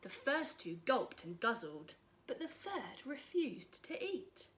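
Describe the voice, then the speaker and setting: A woman reading a rhyming picture book aloud in an expressive, rhythmic way. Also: a little high, slow. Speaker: storyteller.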